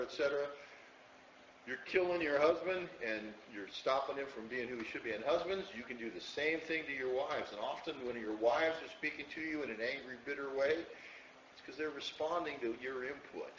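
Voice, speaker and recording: A man's voice: medium pitch, a bit bright, recorded from a distance, a little hiss or hum. A man preaching a conversational sermon as a pastor to a small congregation, often checking in with "okay?". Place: church hall, room with congregation. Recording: echoey lo-fi room recording from afar.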